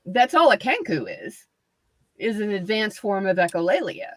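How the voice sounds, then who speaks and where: A woman's voice: mid-range voice, sing-song, moderate pace. A woman with a Virginia accent, chatting casually about voice acting on a gaming stream. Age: older than the others. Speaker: player on a tabletop game stream. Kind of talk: casual chat.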